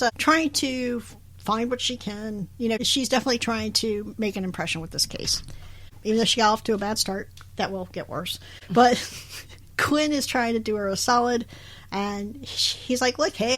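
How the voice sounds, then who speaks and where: A woman's voice: a little high, normal speed, fairly bright tone. A woman co-hosting a podcast, recapping a show in casual chat, laughing often and acting out the characters' lines. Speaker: podcast co-host.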